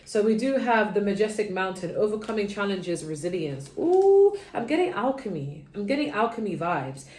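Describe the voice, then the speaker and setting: A woman giving a casual tarot reading, chatty and sleepy, drifting between low murmurs and sudden bursts of energy. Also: expressive, brisk, echoey room. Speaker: tarot reader.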